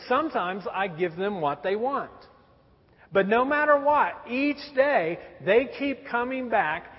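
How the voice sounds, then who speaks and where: Pastor guy in his 30s telling family stories in a sermon, kinda high voice, big echoey hall. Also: a little slow, breathy edge. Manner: animated storytelling, acts out his children. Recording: dull recording in a reverberant hall.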